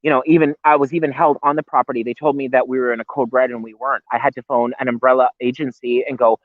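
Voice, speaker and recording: Male guest, mid-pitch, heated and rambling with swearing; narrow phone-line audio. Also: quick pace, no room sound. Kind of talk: live-stream interview talk. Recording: tinny phone-like line, dry.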